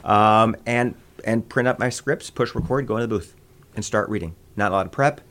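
A man from the American Midwest, a voice actor telling stories in an interview with quick bursts of voices and laughter. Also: on the low side, a bit bright. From Midwest United States. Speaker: voice actor guest. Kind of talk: interview conversation.

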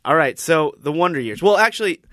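A man hosting a podcast, asking relaxed follow-up questions and stumbling a bit on his starts. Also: fairly high pitch, brisk, dry recording, studio quality. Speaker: podcast host. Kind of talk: casual interview.

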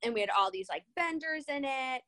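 A woman with a slightly high voice telling stories with animation and frequent laughter. She is recorded close and dry, with no room around her. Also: brisk, no echo. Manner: animated storyteller, laughs often. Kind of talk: casual conversation.

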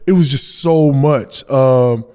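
A man's voice: mid-range voice, slow pace, warm tone, clean tone, big-room sound. A man talking loosely as a podcast guest, restarting sentences and circling back to the same point. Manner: loose, repeats himself, restarts often. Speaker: guest, NBA champion. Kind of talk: casual interview chat.

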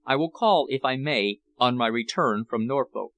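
A man's voice: medium pitch, animated, normal speed, a bit bright, no room sound. A man reading the part of a grave English nobleman who speaks formally and grimly. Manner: formal, grim.

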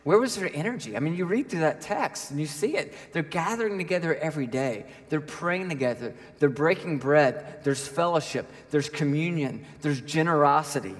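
A man preaching in a conversational, storytelling way, his voice sitting a little high for a man. He keeps checking in with the congregation as he talks. The sound rings with the long reverb of a large church hall. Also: normal speed, few pauses. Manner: conversational, animated storytelling with frequent "right?". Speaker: pastor. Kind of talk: sermon.

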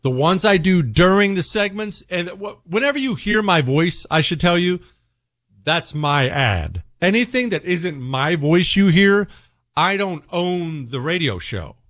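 A man's voice: measured pace, no echo, studio quality. A man hosting a talk radio show, delivering an opinionated, sarcastic monologue. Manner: sarcastic, animated, swings pitch for emphasis.

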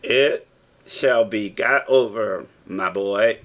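A man's voice: medium pitch, drawn-out words, vocal fry, a bit bright, heavily acted. A man reading an older male professor who gives firm, encouraging instructions, as an audiobook character. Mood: rousing.

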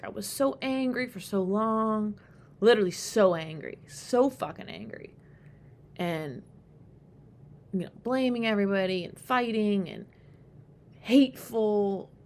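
Woman, solo podcast host, candid rambling talk, swears casually, mid-pitched voice, faint low rumble behind. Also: unhurried. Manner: candid and rambling, swears freely, animated when quoting herself.

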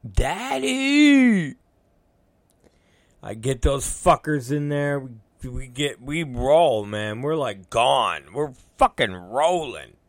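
A man's voice: medium pitch, slow pace, few pauses, dry recording. A middle-aged man rambling through a casual anecdote, swearing freely and acting out what people said. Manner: rambling, swears a lot, acts out quotes. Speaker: storyteller.

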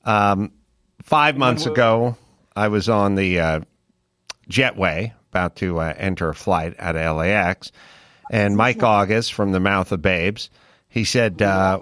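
A man's voice: on the low side, measured pace, a bit bright, no echo. A man co-hosting a podcast in a studio, telling long stories and acting out both sides of a conversation. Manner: rambling storyteller acting out dialogue. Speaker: podcast co-host. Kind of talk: casual talk-show banter.

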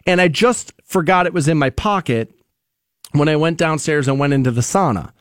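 Male radio host, rambling storyteller, slightly high voice, dry booth sound. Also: normal speed, no echo. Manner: rambling storyteller, many fillers and restarts. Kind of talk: casual morning radio chat. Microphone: studio microphone.

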